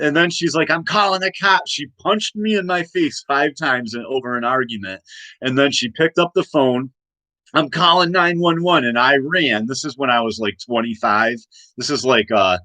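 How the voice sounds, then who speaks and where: A man's voice: mid-range voice, bright, forceful tone, no room sound, rough recording. A man in his forties ranting in a late-night monologue, rambling and agitated with many restarts and repeated questions. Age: 40s. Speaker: host.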